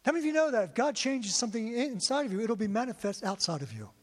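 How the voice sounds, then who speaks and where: Racing along in an extremely high pitch with big swings, a man preaches his testimony to a congregation. He tells it emotionally and repeats words frequently, all captured with long hall reverb.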